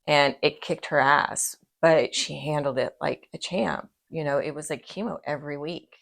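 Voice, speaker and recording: A middle-aged woman hosts an intimate conversation, her voice sitting low for a woman. She speaks expressively and with empathy, slipping into little acted-out quotes as she tells a story. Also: fairly even intonation, moderate pace, gravelly. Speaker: host. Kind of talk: casual conversation about grief.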